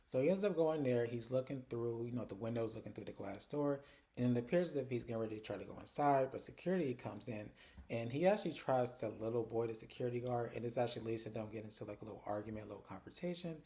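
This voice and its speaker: A man hosts a laid-back recap of a TV series, talking through the plot in a loose, chatty way. His voice has a dark, mellow tone. His pitch sits in an ordinary middle range. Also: fast talker. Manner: chatty and conversational, retells scenes with lots of "like". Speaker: TV recap host. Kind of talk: casual TV episode recap.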